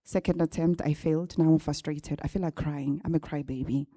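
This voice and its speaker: Speaking into a handheld or stand mic, this guest speaker at a graduate bootcamp has a low-pitched, steady, mellow voice and a fairly quick pace. She shares a personal story with the graduates in a relaxed, talkative manner at an event venue before a live audience, often asking "right?" to address them directly. The sound is studio quality, without echo.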